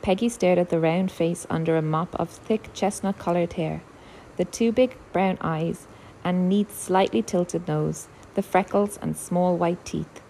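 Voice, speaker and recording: Low, gravelly woman narrating a story. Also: measured pace, dark tone, a little hiss or hum, low-quality recording. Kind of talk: audiobook narration.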